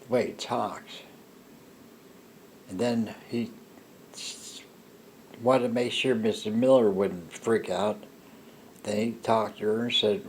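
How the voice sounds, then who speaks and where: An older man telling a personal story in a slow, rambling monologue, halting with restarts. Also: on the low side, slight background noise. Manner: halting, with restarts and soft laughs. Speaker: storyteller recounting a personal encounter.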